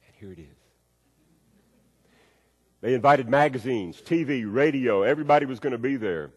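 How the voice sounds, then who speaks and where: A man's voice: medium pitch, moderate pace, slightly rough, muffled recording. A man preaching a sermon, folksy and storytelling, repeating his key phrases. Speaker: pastor. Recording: long reverb of a large hall.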